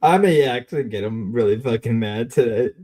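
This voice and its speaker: A young man streaming casual commentary, rambling and swearing, repeating himself and swinging between mumbling and loud outbursts. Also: medium pitch, animated, a little fast.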